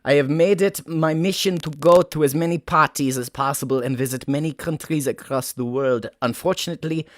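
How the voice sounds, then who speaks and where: A man's voice: on the high side, brisk, hardly any pauses, no echo, studio quality, voice pushed up, lightly acted. A man putting on a grandiose mock-Russian stranger. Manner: grandiose, stiff broken-English delivery. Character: eccentric globe-trotting stranger in an identity crisis. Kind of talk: improvised comic character voice.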